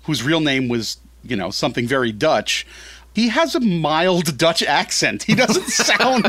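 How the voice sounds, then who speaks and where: A man talking as a guest in a casual podcast chat, animated and rambling, often correcting himself mid-sentence. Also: a little high, unhurried. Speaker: film critic guest.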